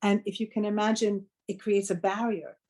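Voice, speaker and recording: A middle-aged woman speaks at an everyday mid-range pitch as a guest healer. She tells her story earnestly and conversationally, correcting herself and restarting phrases as she goes. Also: fairly even intonation, moderate pace, darkish tone.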